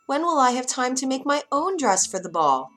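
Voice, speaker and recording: A woman voicing a gentle, hopeful young girl in a storybook, in a high soft voice. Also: big pitch swings, moderate pace, faint music behind, heavily acted.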